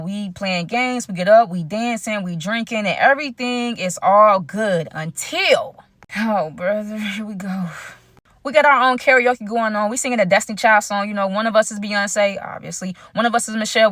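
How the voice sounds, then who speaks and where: Animated young woman telling a story. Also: medium pitch, no echo, clean studio sound. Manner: animated, chatty, addresses viewers as y'all. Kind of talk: casual storytime vlog.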